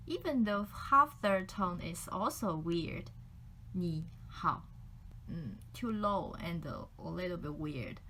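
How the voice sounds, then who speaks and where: A woman whose first language is Mandarin Chinese, teaching a lesson to camera and demonstrating tones with exaggerated pitch glides. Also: slight background noise, poor audio.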